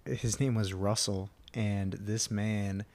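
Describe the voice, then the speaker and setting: Young guy from texas telling army-style stories on a podcast, loud when he acts out the yelling. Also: fairly low pitch, slow pace. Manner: animated storyteller, acts out drill instructors loudly, laughs often. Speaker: podcast co-host. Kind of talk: casual storytelling chat.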